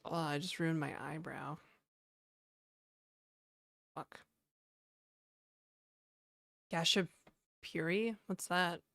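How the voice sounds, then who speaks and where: A woman's voice: sits low, slow pace, creaky, fairly bright tone, no room sound, studio quality. A woman livestreaming from home, casually chatting and reading her chat aloud with easy laughs. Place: home in Toronto.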